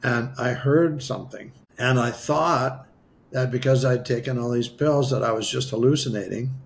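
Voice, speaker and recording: Interviewed as a spiritual healer, a man tells a personal story in a chatty, animated way, full of asides and restarts, even acting out his own past dialogue. His voice is mid-range and gravelly at a moderate pace, with a little hiss or hum on the recording.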